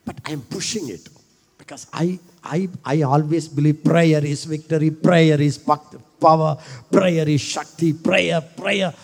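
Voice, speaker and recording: Slow preacher in a hall. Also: male voice, fairly high pitch, steady tone, vocal fry. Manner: repetitive, builds from quiet to shouting. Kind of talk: sermon.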